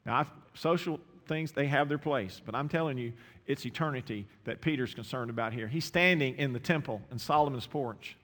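A man preaching a sermon, impassioned, repeating words and swinging from quiet asides to raised exclamations. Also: mid-range voice, fairly quick. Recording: long hall reverb.

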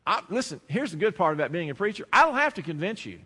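A male pastor preaching a sermon who swings between loud, emphatic declarations and quiet, intimate storytelling. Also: high voice, sing-song, quick pace, slightly rough. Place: church sanctuary. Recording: long reverb of a large hall.

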